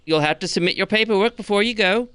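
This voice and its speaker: A cheerful skeleton clerk guards a tower's paperwork, as a man voices him in a tabletop game. He sits well above his usual pitch, bright and chirpy. He keeps a polite, officious tone. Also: fast talker, clear, resonant tone, no echo.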